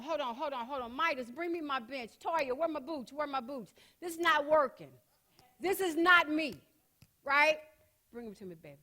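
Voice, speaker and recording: A woman's voice: high-pitched, a bit bright. A woman giving a motivational talk on stage, loose and playful, talking straight to the audience. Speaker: motivational speaker.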